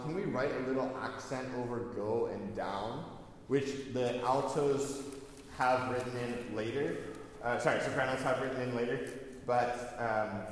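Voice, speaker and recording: A man's voice: mid-range voice, measured pace. Male choir conductor in echoey hall. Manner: gives notes with frequent self-corrections. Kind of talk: rehearsal instruction. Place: rehearsal hall. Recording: very echoey hall, faint noise.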